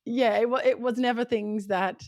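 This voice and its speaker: A woman's voice: fairly high pitch, fairly even intonation, normal speed, dry recording, studio quality. A woman hosting a podcast, chatting casually and telling personal stories, laughing between remarks. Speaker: podcast host.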